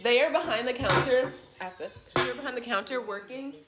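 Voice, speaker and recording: A young woman telling a rambling, animated story about her family's trip in a casual vlog at home, with swearing and side remarks. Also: a little high, fairly quick, heavy background noise. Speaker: family vlogger. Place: at home in a rental apartment.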